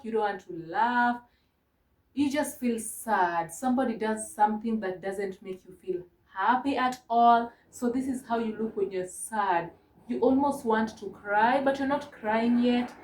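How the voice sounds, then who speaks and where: A woman from Kenya teaching a mock English lesson to a young child, gentle and encouraging, spelling words out slowly. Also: medium pitch, echoey room. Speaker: online ESL teacher.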